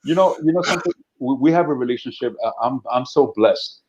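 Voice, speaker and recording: A man's voice: medium pitch, quick pace, darkish tone, dull audio. A man, an actor and guest, talking animatedly in a casual interview and often repeating words.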